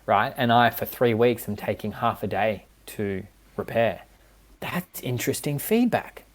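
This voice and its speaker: A man's voice: medium pitch, unhurried. A man speaking as a relationship coach and podcast guest, earnest and explanatory, often checking in with his listener. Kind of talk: casual podcast conversation.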